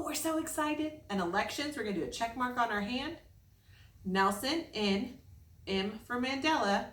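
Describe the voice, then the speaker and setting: An upbeat, encouraging woman teacher leads children through a memory lesson with chants and motions. Her voice is on the high side and a bit bright, heard from far off in an echoey room.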